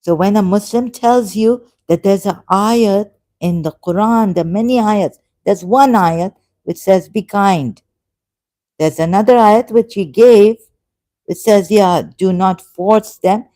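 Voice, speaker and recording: A woman hosting a religious discussion, arguing point by point and repeating her words, often halting with restarts. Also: mid-range voice, dark tone. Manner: argumentative, repeats words, then apologetic and halting. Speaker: channel host debating a caller. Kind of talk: heated religious debate.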